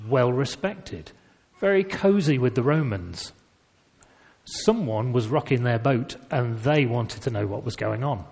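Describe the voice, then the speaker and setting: A man's voice: medium pitch, creaky. A man preaching a sermon in a conversational, storytelling way. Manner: conversational storytelling with lively emphasis. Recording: reverberant church hall.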